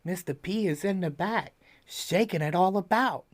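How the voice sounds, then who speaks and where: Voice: medium pitch, normal speed, dry recording. A speaker on a casual home audio test recording, rambling playfully and talking to a cat.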